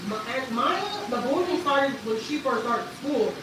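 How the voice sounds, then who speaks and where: A mother in her thirties from Texas, vents on a casual livestream. She talks in an animated, unfiltered way and cusses freely. Her voice sits fairly high over a faint background hum. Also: moderate pace. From Houston, Texas. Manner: animated, frequent cussing and laughing. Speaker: vlogger and mother.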